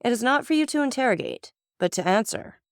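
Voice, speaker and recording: A woman's voice: on the high side, expressive, a little fast, clean tone, no room sound, studio quality, voice pushed up. A woman voicing a stern, cold-blooded male magistrate who speaks with contempt and accusation. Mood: accusing.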